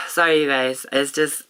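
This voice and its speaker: A young woman talking to camera in a personal vlog, heartfelt and open, halting often with pauses and restarts. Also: low-pitched, bright, forceful tone. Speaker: vlogger. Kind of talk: reflective personal vlog talk.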